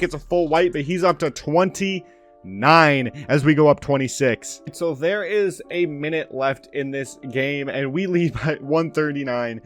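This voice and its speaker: A young man commenting on his own video game play, bursting into loud calls on made shots. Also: a little high, measured pace, faint music behind. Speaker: gaming commentator.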